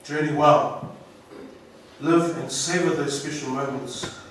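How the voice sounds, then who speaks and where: A man with a New Zealand accent giving an inspirational graduation speech, slow and emphatic, heard from far off through a hall's speakers. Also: fairly high pitch, steady tone, background noise. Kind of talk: ceremonial speech. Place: large school hall. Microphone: PA microphone, recorded from the audience. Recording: echoey hall from far off.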